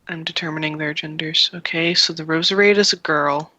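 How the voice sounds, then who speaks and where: A woman narrating a tabletop role-playing game as game master in a measured, descriptive way. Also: low-pitched, steady tone, sharp tone, no echo, rough recording.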